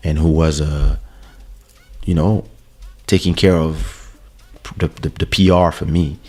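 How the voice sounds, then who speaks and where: A man hosting his own show, telling a casual story about his music career. He talks in a relaxed way and often repeats words as he goes. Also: sits low. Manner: relaxed anecdotal, stammering repeats. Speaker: host and musician. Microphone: studio podcast microphone.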